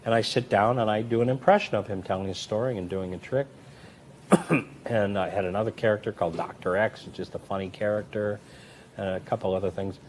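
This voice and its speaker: Low-voiced man telling animated stories. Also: a little fast, slight background noise. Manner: animated, acts out quoted voices with big swings in pitch and loudness. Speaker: magician and comedy performer, interview guest. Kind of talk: anecdotal storytelling in an interview.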